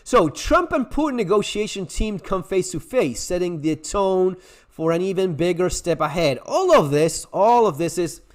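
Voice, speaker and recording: A man's voice: high-pitched, expressive, normal speed. A man hosting a survival channel, giving blunt, sarcastic commentary to camera, swearing freely and restarting his sentences as he rants. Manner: ranting, with frequent restarts.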